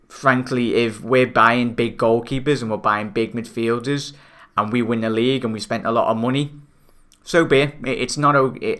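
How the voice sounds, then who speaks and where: A man's voice: medium pitch, fairly bright tone, clean tone. A young man from Liverpool with a Scouse accent, chatting on his football fan stream, reading viewer comments and calling them mate. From Liverpool, England. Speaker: football fan channel host. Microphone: new desk microphone.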